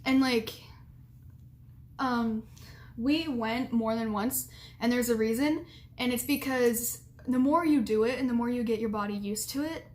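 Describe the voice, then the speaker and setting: A woman's voice: fairly high pitch, unhurried. A young woman vlogger telling a story and giving advice in a frank, blunt, giggly way, with lots of "like".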